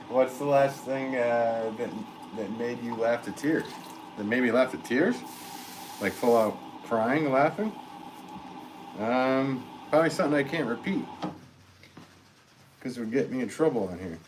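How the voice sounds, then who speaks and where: Casual male potter, mid-pitched voice, chats with viewers on a noisy stream from his studio. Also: measured pace, pauses often. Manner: easygoing, reads viewer comments aloud and chats back with soft laughs. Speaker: potter live-streaming while throwing pots. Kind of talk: casual live-stream chat. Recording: noisy live-stream audio with clear background hiss.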